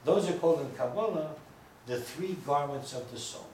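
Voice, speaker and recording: A man's voice: on the high side, normal speed, a little mellow. A man who is a rabbi, giving a chatty, digressive lecture full of stories and joking asides to a small audience. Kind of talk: informal lecture with storytelling. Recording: echoey room from far off, faint noise.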